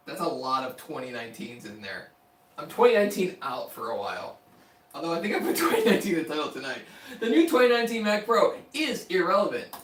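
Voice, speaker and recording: A man's voice: on the high side, fairly bright tone. A young man hosting a casual live stream, rambling and joking about his own tech videos in slangy talk. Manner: loose, rambling, self-mocking, slangy. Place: his room, indoors. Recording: echoey room, mic at a distance.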